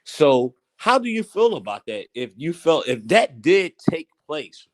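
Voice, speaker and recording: A man hosting a casual current-events commentary, teasing and theatrical, swinging between loud outbursts and hushed asides. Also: a little high, very animated, unhurried. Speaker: host.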